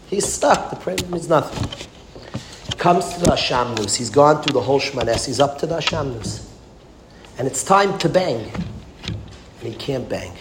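A man preaching a storytelling sermon, driving home points with repetition and sudden rises in force. The recording is roomy and echoing, with a steady hiss of noise underneath. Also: fairly high pitch. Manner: emphatic, repetitive, swings from hushed to loud. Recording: echoey room with background noise.

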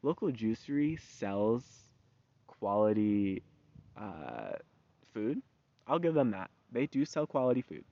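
A man's voice: fairly low pitch, big pitch swings, slow, mellow, no room sound. A man ranting in a casual monologue, heated and slangy, swearing freely. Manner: profane, heated, loose and slangy. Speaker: vlogger. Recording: dull lo-fi recording.

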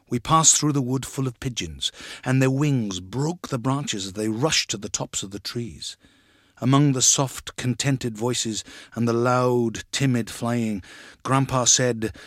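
A man's voice: mid-range voice, no room sound. Man reading a story in a dry voice. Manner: measured, expressive storytelling. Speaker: narrator.

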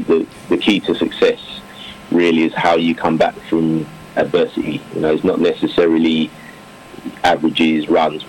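A man with a very deep voice talks through his cricket career in a relaxed interview. He rambles, circles back, and fills gaps with "you know" and "um", sometimes breaking into a laugh. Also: slight background noise, low-quality recording. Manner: rambling, many fillers and restarts, warm laughter. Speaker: professional cricketer, now coach.

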